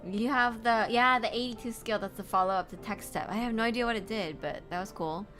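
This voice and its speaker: A woman with a slightly high, fairly bright voice talks briskly while streaming a game, game music playing behind her. She chats casually and reacts out loud, and her voice sounds worn and strained.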